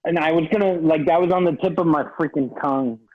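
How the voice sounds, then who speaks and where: A man's voice: on the high side, quick pace, phone-quality sound, a little hiss or hum. A man comedian guest on a podcast, frustrated and self-deprecating in casual banter.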